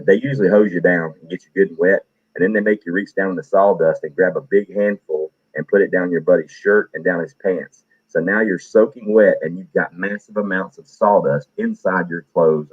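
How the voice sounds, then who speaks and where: Low husky guy on a stream telling stories, animated, kinda muffled lo-fi sound. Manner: animated, acts out quoted voices. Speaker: stream host. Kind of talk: casual storytelling.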